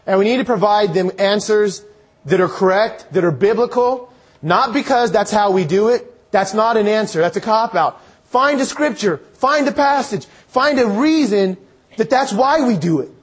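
Guy preaching, kinda high voice, earnest and chatty. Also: lively intonation, moderate pace, husky. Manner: earnest, conversational preaching with scripture quotes. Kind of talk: sermon.

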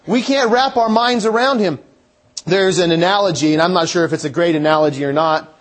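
A man's voice: sits high, fairly quick. A man preaching a sermon in a conversational way, thinking aloud and restarting his phrases.

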